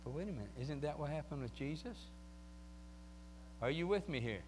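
A high-pitched man preaching, dropping low and quiet and then rising to full-voiced shouts. He acts out the voices of people he quotes and asks the crowd for replies. A faint hum sits under the recording. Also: animated, fairly quick. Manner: swings from quiet talk to loud shouting peaks. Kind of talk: sermon.

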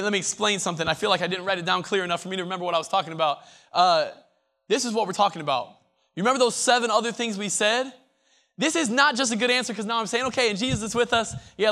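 High-voiced man preaching a fervent sermon. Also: bright, forceful tone. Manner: emphatic and repetitive, with many restarts.

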